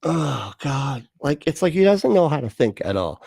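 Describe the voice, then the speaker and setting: A man's voice: medium pitch, moderate pace, creaky, hardly any pauses, mellow, dry recording. A man hosting a livestream, reacting to a clip in a sarcastic, profane, exasperated ramble full of fillers. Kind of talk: casual reaction commentary.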